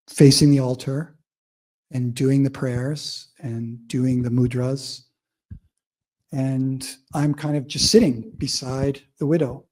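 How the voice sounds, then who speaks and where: Husky, mellow-voiced man telling stories. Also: mid-range voice. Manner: conversational, heavy use of fillers like "like" and "you know"; vivid storyteller, audience-engaging. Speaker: academic speaker. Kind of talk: public lecture with personal anecdotes.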